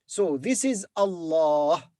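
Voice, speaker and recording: Slow, patient male language teacher. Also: a little high, animated, mellow, dry recording, clean studio sound. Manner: patient, sounds out syllables and repeats words. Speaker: Arabic teacher. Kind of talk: slow beginner language lesson.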